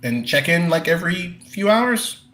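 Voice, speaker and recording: A man's voice: high-pitched, very animated, normal speed, a bit bright. A man playing a tabletop game, hesitant and earnest, friendly in character. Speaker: player. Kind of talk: in-character tabletop role-play.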